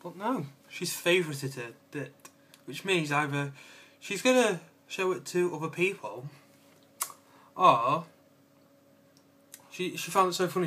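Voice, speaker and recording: A young man chatting in a casual, excitable vlog, with lots of fillers, giggles and playful asides. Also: a little high, measured pace, long pauses, husky. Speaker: vlogger. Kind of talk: casual rambling vlog chat.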